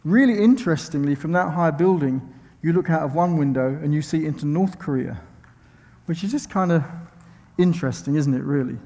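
A man's voice: on the high side, brisk, warm tone, in a large hall. A man with a London accent preaching a sermon as a visiting speaker, chatty and self-mocking, with many ums and restarts. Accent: English, London. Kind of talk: sermon with friendly asides. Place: church sanctuary.

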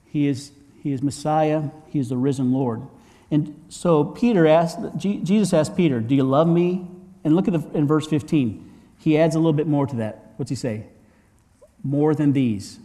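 With a fairly high, warm voice at a moderate pace, this pastor talks through his sermon like a conversation, asking his congregation rhetorical questions. His frequent restarts and repeated words ring out with a long reverb tail.

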